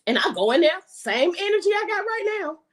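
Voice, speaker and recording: A woman's voice: extremely high pitch, very animated, a little fast. A woman telling a personal faith story on a podcast, emphatic and repeating phrases for emphasis. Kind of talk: casual faith testimony on a podcast.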